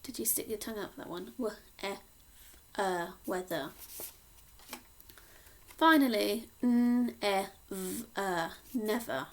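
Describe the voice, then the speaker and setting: Teacher lady from cornwall doing phonics for little kids, real slow, bit of gravel in her voice. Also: mid-range voice, slight background noise. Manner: slow, sing-song teacher talk, sounding out letters. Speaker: primary school teacher. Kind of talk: phonics lesson for young children.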